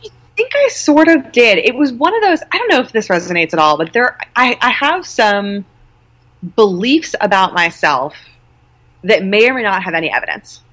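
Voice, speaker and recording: A woman's voice: medium pitch, big pitch swings, normal speed, a bit bright. A woman in her thirties, a guest co-founder, talking candidly and self-deprecatingly in a casual interview.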